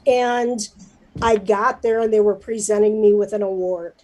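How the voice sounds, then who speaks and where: A woman's voice: a little high, fairly even intonation, unhurried, warm tone, low-quality recording. A middle-aged woman, a newspaper publisher, talking in a livestreamed interview with many fillers and emotion. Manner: chatty, emotional, lots of fillers.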